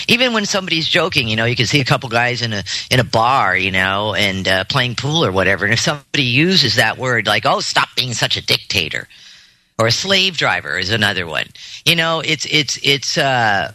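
Very bright-voiced rambling male host. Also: medium pitch, no echo. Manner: rambling, many fillers and restarts, laughs easily. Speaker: podcast host. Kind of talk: casual podcast chat.

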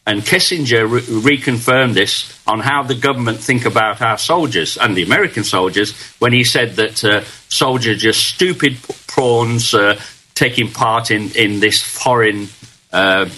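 An older man from Britain, a veteran guest telling his stories earnestly, pausing and restarting as he reflects. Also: fairly low pitch, bright, forceful tone, a little hiss or hum, rough recording. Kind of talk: casual storytelling in an interview.

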